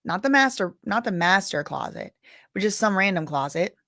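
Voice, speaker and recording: Tired and yawning, a woman reads news updates aloud on a live stream, adding chatty side comments. Her mid-range, fairly bright voice has lively intonation and a moderate pace. The audio is clean studio sound with no room sound.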